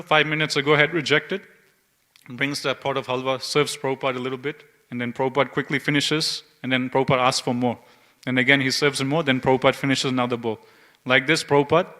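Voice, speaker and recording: A man giving a scripture class at a temple, telling an anecdote and acting out its dialogue. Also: mid-range voice. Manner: narrates an anecdote with lively quoted dialogue.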